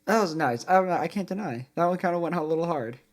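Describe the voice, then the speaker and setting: Reaction host: a man with a slightly high voice, musing casually on riffs and phrasing. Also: lively intonation, fast. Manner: musing, comments on guitar parts between songs.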